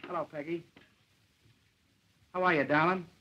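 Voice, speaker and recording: A brash wisecracking reporter. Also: male voice, fairly high pitch, fairly even intonation, pushed and bright, lo-fi sound, a little hiss or hum. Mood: pleading tender. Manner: fast wisecracking, cocky. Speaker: newspaper reporter.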